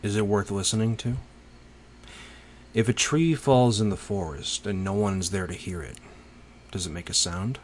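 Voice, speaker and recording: Male, very low voice, unhurried reflective monologue, faint crickets behind. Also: a little hiss or hum. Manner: slow, pensive, with long pauses.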